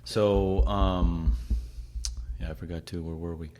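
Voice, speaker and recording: A young man hosting a casual chat, telling animated stories and swearing often as he acts out quotes. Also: sits low, slow pace. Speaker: podcast host, chef.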